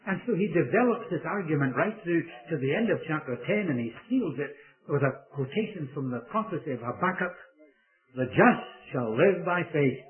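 A man's voice: a little high, expressive, moderate pace. Emphatic male preacher, tinny phone-like sound. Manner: emphatic, swells and drops for stress. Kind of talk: sermon.

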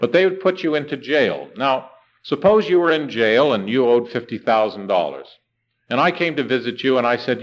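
A man preaching a sermon with a lively, rising and falling pitch. He keeps asking rhetorical questions and slows right down to stress the key words. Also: low-quality recording.

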